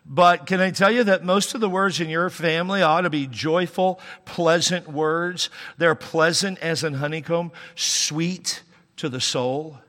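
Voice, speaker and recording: A man's voice: fairly high pitch, a little slow, a bit bright. Man preaching in a reverberant hall. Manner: conversational preaching with humor and sudden emphatic rises. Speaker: pastor. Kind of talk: sermon.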